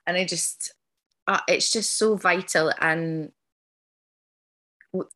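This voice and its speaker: A woman's voice: fairly low pitch, slow, bright, forceful tone. A woman hosting a podcast interview, talking earnestly and effusively with many ums and restarts. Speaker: podcast host. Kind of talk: casual interview chat.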